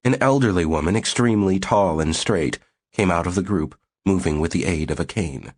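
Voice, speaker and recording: A man narrating a novel for an audiobook in a steady, even storytelling manner. His voice sits low with a husky, breathy grain. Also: normal speed. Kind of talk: scripted narration.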